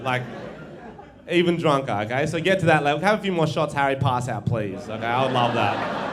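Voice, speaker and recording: A young Australian man performing stand-up comedy on stage, animated and swearing, often laughing at his own stories. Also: high voice, a little hiss or hum. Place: theatre stage with live audience.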